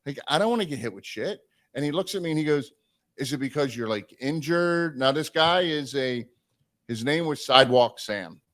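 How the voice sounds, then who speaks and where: A man with a medium-pitched voice talks fairly quickly during a live stream, recounting a long road story. He's animated and swears, acting out whoever he quotes.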